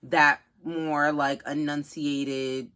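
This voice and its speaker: A woman's voice: sits low, level tone, very slow, sharp tone, smooth. A woman co-hosting a podcast in casual chat, rambling with lots of fillers. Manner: chatty, full of fillers like "kinda". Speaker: podcast co-host.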